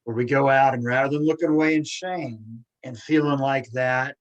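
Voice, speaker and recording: A man's voice: mid-range voice, moderate pace, highs cut off. A man hosting a podcast conversation who stutters, repeating words as he talks in an earnest, emphatic way. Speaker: podcast host. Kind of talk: conversational interview talk.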